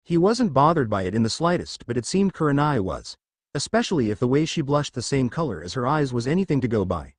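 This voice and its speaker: Man narrating fan fiction, lively pitch. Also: fairly quick.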